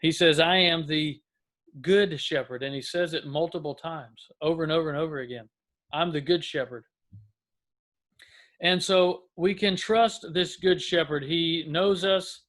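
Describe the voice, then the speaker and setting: A man's voice: fairly high pitch, moderate pace, fairly bright tone. A man, a pastor, giving an earnest mid-week devotional talk to camera, with frequent restarts. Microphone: camera close up.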